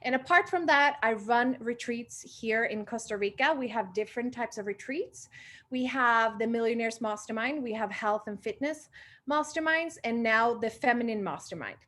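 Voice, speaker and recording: A woman's voice: fairly high pitch, moderate pace, pushed and bright. A woman in her twenties hosting a video call meeting, upbeat and effusive and short of breath. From Sweden. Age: 20s. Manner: upbeat and effusive, repeats words for emphasis. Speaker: retreat founder and confidence coach hosting a meeting.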